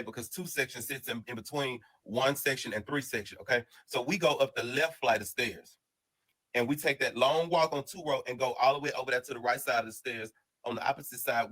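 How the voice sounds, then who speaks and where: A man telling a casual storytime monologue in an animated, slang-heavy, rambling way full of restarts. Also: medium pitch, poor audio.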